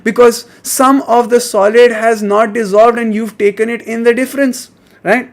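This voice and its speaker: Male chemistry tutor, high voice, keeps prodding the class for answers. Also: fairly even intonation, moderate pace. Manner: coaxing, repeats questions to students. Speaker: chemistry teacher. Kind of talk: online exam-prep lesson.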